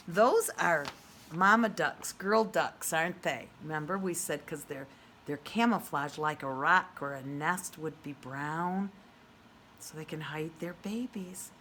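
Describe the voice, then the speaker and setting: A woman preschool teacher giving an online read-aloud lesson, speaking in a slow, exaggerated sing-song way to small children and asking them questions. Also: sits low, fairly bright tone, slight background noise. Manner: asks the children questions and praises answers.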